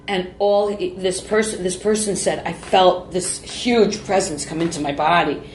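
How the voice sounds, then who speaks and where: Emotional, rambling woman with a low voice. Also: normal speed. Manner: emotional, rambling, repeats phrases. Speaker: guest. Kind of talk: candid conversational interview. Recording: roomy with faint background noise.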